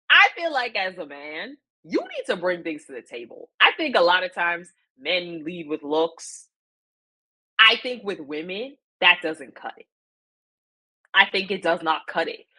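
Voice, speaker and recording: Opinionated woman with a lowish voice. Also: sing-song, unhurried, long pauses, bright, forceful tone. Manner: opinionated, emphatic, repeats her points; chatty, with frequent fillers and slang. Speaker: vlogger recapping a reality show. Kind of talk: casual chat.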